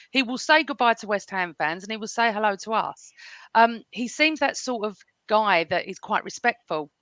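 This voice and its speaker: A woman's voice: a little high, bright, forceful tone, no echo. A woman hosting a casual football fan chat, talking at length and often addressing her guests by name. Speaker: host.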